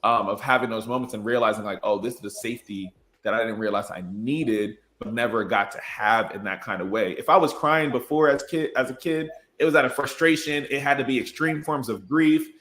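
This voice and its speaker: A man's voice: medium pitch, fairly quick, hardly any pauses, fairly bright tone. A man in his twenties, an educator and podcast guest, talking in an earnest, reflective way and laughing easily. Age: 20s. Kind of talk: casual conversation.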